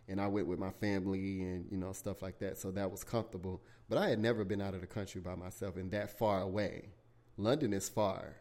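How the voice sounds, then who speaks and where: Young man, lowish voice, loose profane storytelling, animated, podcast host. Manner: candid, profane, animated retelling with bursts of shouting. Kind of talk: casual storytelling monologue.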